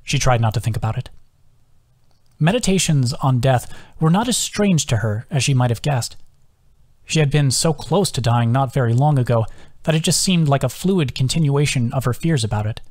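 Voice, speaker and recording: A man reads his own novel aloud in a steady, measured audiobook voice at a middling pitch. He keeps the narration even and drops to a hush for quoted whispers.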